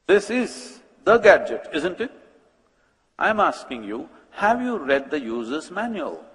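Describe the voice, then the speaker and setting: Male spiritual speaker, fairly high voice, teasing rhetorical questions, long hall reverb. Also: sing-song, a little slow, a bit bright. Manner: rhetorical, questioning the audience with humor. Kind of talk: public talk to an audience.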